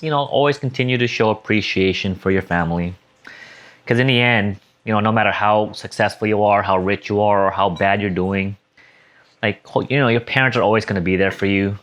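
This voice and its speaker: In a personal vlog, a young man muses aloud in a casual, emotional way, wandering off track and correcting himself as he goes. He has a lowish voice with a fairly bright tone.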